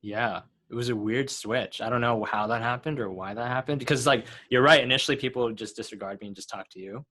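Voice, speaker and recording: A man in his twenties hosting a casual podcast, easygoing, with quick supportive replies and frequent laughs. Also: medium pitch, bright, forceful tone. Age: 20s. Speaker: podcast host.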